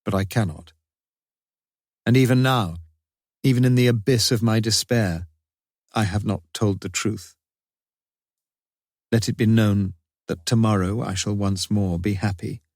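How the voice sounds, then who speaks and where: A low-voiced, anguished father pours out his confessional diary in a solemn, despairing, theatrical way, as a man reads it. The sound is close and dry. He stays heavy and grieving throughout. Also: fairly even intonation, unhurried, pauses often, darkish tone, no room sound.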